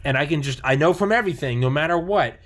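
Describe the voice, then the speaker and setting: A man's voice: a little high, animated, fast, fairly bright tone. Rambling, profane man chatting casually. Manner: rambling, profane, many fillers and restarts. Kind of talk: casual chat.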